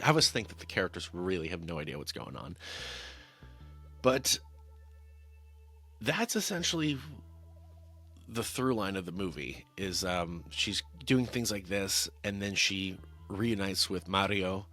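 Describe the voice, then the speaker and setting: Wry low-voiced man reviewing a film. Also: pushed and bright. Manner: wry, rambling, with frequent restarts and "like"s. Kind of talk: casual film review monologue. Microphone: talking-head camera mic.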